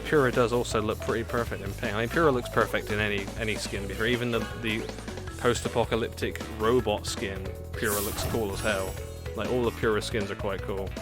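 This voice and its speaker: A young man chatting casually and giggling often while live-streaming a racing game, loud game music behind. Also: on the low side.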